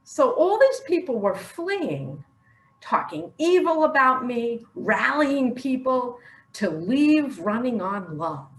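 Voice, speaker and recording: An older woman talks from the heart in a personal video, emotional and earnest, often breaking into laughter. Her pitch swings widely while her pace stays slow and drawn out. The room around her is echoey. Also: very animated. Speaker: online religious speaker.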